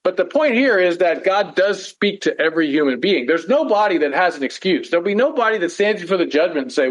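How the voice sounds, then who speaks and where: A man's voice: high-pitched, expressive, fairly quick, hardly any pauses, low-quality recording. A man preaching a conversational sermon, earnest, often asking rhetorical questions and checking in with "right?". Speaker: pastor teaching a Bible study.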